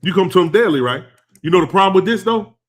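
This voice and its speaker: Male preacher, high voice, conversational sermon, punchy emphasis. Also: expressive, fast. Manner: emphatic and conversational, rising to loud stresses. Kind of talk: sermon teaching.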